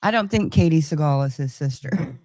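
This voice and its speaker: Female guest, low voice, dry close sound, short laid-back remarks. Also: a little fast, no room sound. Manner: brief, relaxed reactions and short remarks. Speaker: guest co-host. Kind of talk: casual livestream chat.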